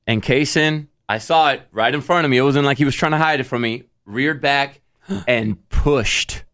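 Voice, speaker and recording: A man co-hosting a podcast, telling a family story in a casual, animated way and acting out what he said. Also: mid-range voice, normal speed, clean tone, no echo, studio quality. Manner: animated storyteller, acts out his own quotes. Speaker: podcast co-host. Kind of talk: casual chat.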